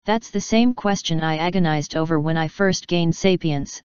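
A calm, earnest female story spirit, reflective and sincere, as a woman reads her out. The voice is low-set and very clear. The recording is dry and a little dull. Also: moderate pace, no echo, close to an everyday voice. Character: sentient female story narrative, calm and wise.

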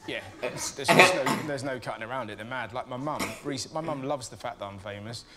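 A man with an English accent, a comedian guest on a chat show, telling animated anecdotes and acting out the people in them. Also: medium pitch, brisk, slight background noise. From England. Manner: animated storyteller, acting out voices, laughing.

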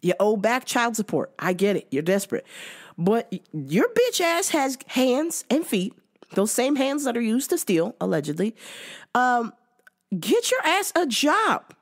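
A woman's voice: fairly high pitch, very animated, a little slow. A woman hosting a podcast, ranting in a sarcastic, profane way and laughing often. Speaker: podcast host. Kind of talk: casual ranting commentary.

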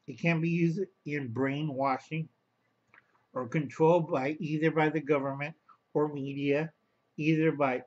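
A fairly high-pitched man, a vlogger, wanders through a home video monologue with dull-sounding audio. He speaks to his audience as boys and girls and uses his own name in the third person.

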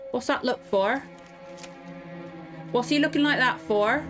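A woman's voice: high-pitched, measured pace, long pauses, fairly bright tone, faint music behind. A woman reacting to a TV drama in casual commentary, emotional and swearing freely as she pleads with the characters. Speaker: TV show reactor.

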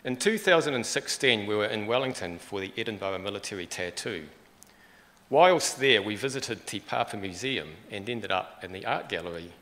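A middle-aged man speaks in a low voice, reading a eulogy from his notes with a dry, gently humorous touch. His words ring out with the long reverb of a church. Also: expressive, normal speed. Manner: dry humour, reads from prepared notes. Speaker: son giving a eulogy. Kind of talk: funeral eulogy.

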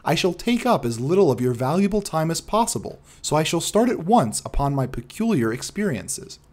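A man's voice: a little high, sing-song, brisk, darkish tone. A man voicing a polite, earnest young engineer telling his story in an audiobook reading.

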